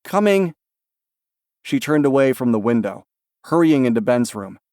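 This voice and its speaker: A man reading a novel aloud as an audiobook narrator, in a calm, even storytelling manner. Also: mid-range voice, moderate pace, no echo, clean studio sound. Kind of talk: scripted narration.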